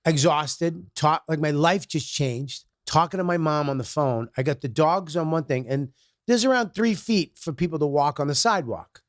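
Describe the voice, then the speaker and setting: A comedian guest in casual podcast chat, telling stories in a profane, animated way. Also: male voice, on the high side, moderate pace, no room sound, studio quality.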